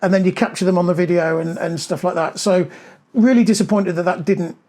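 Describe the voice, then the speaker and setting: A middle-aged man with a notably high speaking voice, chatting easily in a podcast and spinning long stories full of ums. He talks into a clip-on mic that picks up a little clothing rustle. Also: fairly even intonation, brisk, a little mellow. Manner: chatty storyteller, many ums. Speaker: podcast co-host. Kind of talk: casual podcast chat.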